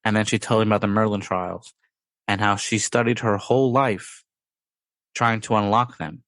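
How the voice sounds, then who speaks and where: Man, podcast host, casual rambling chat, playful sound-effect words, fairly low voice, dry sound. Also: fairly even intonation, normal speed, a bit bright, no room sound.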